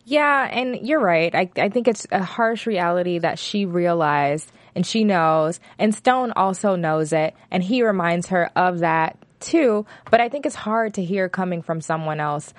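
A woman's voice: on the low side, expressive, unhurried, few pauses, no echo. A young woman co-hosting a casual reality-TV recap chat, retelling scenes plainly with filler words. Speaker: podcast co-host.

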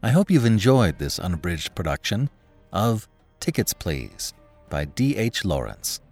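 Deep-voiced male storyteller, slow and expressive. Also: faint music behind. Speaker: audiobook narrator and podcast host. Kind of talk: scripted narration.

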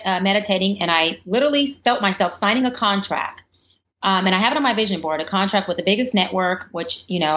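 A woman guest telling a personal story in an interview, animated and lively, often slipping into the voices of other people. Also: mid-range voice. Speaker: life coach guest. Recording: slightly muffled with faint background noise.

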